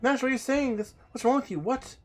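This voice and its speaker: A man's voice: extremely high pitch, fast, faint music behind, pitched above the performer's own voice. A man voicing an earnest young woman mage, heir to her guild, in a raised voice during a game let's play. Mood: worried. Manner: earnest, determined.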